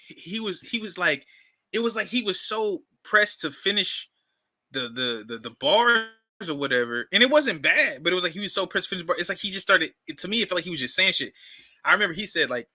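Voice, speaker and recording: Man, rambling casual co-host, very bright tense tone, slightly high. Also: very animated, brisk, no echo. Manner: rambling, lots of fillers, swears, amazed. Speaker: co-host reacting to a song. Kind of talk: casual reaction chat.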